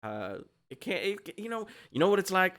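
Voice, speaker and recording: Give me a portly, smooth-talking egg merchant, put on by a man in a tabletop game. He wheedles and flatters in a bright voice that swings up and down. Friendly on the surface, always angling for a favor. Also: high-pitched, moderate pace, pitched above the performer's own voice. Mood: schmoozing. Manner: chummy, wheedling salesman talk.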